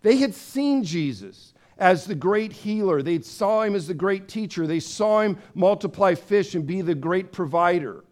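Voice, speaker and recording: A man preaching a sermon in a conversational, storytelling way, acting out voices with big swings of pitch. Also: lively intonation, a little slow, few pauses, a little mellow. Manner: conversational, with fillers and restarts. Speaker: pastor.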